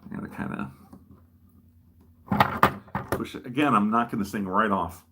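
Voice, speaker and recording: There's a noisy background as a livestream host from the American Midwest works on a model, rambling casually in a self-deprecating way. He speaks at normal speed in a voice on the low side.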